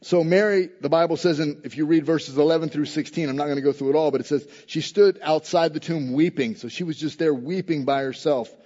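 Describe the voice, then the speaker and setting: A male pastor preaching a sermon, telling the story in a lively, humorous way and acting out the people in it. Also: on the high side, a little fast, few pauses. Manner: animated storytelling, acting out quoted lines with humor. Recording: echoey hall, dull lo-fi sound.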